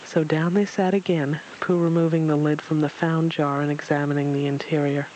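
Storybook reader, steady, gentle, middle pitch, faint hiss behind. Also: normal speed, hardly any pauses, rough recording. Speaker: narrator. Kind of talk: storybook reading aloud.

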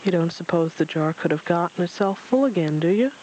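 A reader voicing a gentle, slow-witted bear in a storybook, mild and puzzled. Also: mid-range voice, lively intonation, a little hiss or hum, close to an everyday voice, low-quality recording. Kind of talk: storybook reading.

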